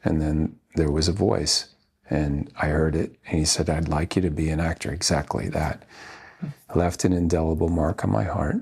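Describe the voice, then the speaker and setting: A deep, breathy-voiced man in his fifties, from Washington State, talks through memories as an interview guest. He speaks earnestly and haltingly, stopping often to gather his thoughts, his low voice carrying a grainy, husky edge. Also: fairly even intonation, a little mellow. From Washington State, USA. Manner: halting, earnest, with many pauses. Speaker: actor guest. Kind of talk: reflective interview storytelling.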